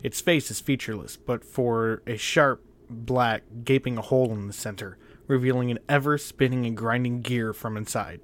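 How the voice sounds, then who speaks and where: A man narrating a first-person horror story in a measured, tense, often quiet way. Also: medium pitch, steady tone.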